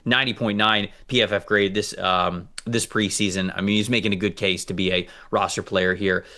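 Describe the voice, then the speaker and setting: A man co-hosting a football show, reading out player grades and stats in a casual, animated way. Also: on the low side, fairly quick. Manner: reads out stats, animated and joking. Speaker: co-host, football analyst. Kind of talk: casual sports analysis chat.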